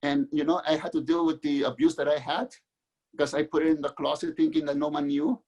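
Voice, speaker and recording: A middle-aged man from Mexico, a guest author, telling his own life story in an earnest, halting way with many restarts. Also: a little high, fairly even intonation, a little mellow. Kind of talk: candid personal storytelling.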